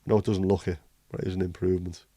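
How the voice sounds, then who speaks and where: A man's voice: sits low, level tone, very fast, warm tone, no room sound. A man, hosting a casual livestream and chatting with viewers in a joking way. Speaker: livestream host.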